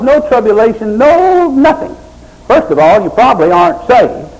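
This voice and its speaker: A middle-aged male pastor preaching a sermon, swinging from loud, high exhortation to low, quiet pleading. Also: sing-song, moderate pace, rough recording.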